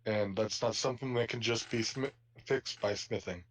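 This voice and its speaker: A man voicing a calm, polite warforged robot blacksmith in a tabletop game. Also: lowish voice, normal speed, lightly acted. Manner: polite shopkeeper courtesy.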